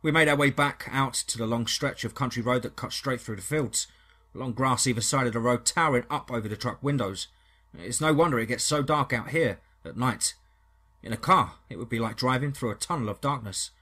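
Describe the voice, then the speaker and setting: Husky man narrating a horror story. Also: medium pitch, a little fast. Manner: steady, dramatic storytelling.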